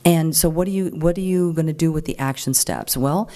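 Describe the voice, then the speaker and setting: A middle-aged woman addresses a meeting in a loose, plain-spoken storytelling style. Her voice sits low and mellow, and she jumps up to a higher voice for quoted lines. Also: a little fast. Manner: chatty and animated, acts out quoted voices higher. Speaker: speaker at a political group meeting. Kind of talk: informal talk to an audience, storytelling.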